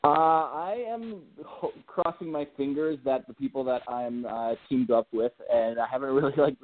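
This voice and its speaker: A man's voice: medium pitch, normal speed, no room sound. A man from Alberta, Canada, a guest on a casual call-in show, rambling and self-deprecating with easy laughs and many restarts. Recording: tinny phone line, dry.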